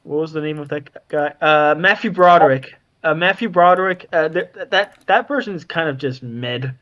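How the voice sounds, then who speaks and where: A man's voice: on the high side, normal speed, pushed and bright, muffled recording. A man chatting casually with friends over a voice call, swearing often and rambling as he searches for words. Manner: profane, rambling.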